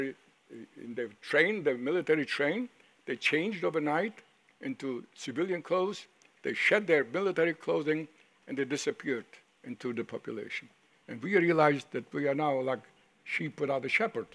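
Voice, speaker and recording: An older man from Poland, giving a first-person testimony as a survivor, telling his story vividly with halting restarts and repeated words. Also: on the high side, a bit bright, breathy edge. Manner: vivid storytelling that acts out the voices of people he quotes.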